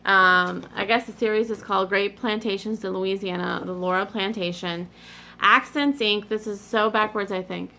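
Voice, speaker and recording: A woman's voice: mid-range voice, fairly even intonation, moderate pace, gravelly, sharp tone. A middle-aged woman rambling in a casual, digressive chat to her vlog audience, often apologizing in asides. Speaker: cross-stitch vlogger.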